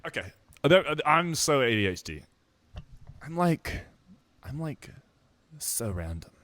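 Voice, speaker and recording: A young man rambling in a casual monologue, self-mocking and swearing casually as he muses out loud. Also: mid-range voice, sing-song, a little slow. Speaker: musician vlogger.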